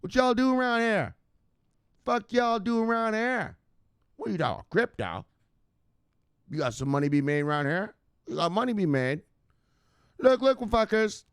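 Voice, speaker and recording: A man's voice: sits high, big pitch swings, measured pace, pauses often, clean tone, no echo, studio quality, pitched above the performer's own voice, exaggerated voice. A man voicing a brash, swaggering woman who curses and talks street slang as she demands to be let in. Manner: loud, profane, slangy street talk.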